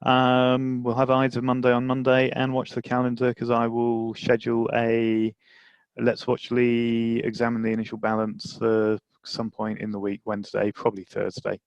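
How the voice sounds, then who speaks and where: A man with a gravelly, even voice closes an online session and gives casual announcements. He speaks with little rise and fall. The sound is dry and muffled. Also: medium pitch, moderate pace, no echo. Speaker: session co-host.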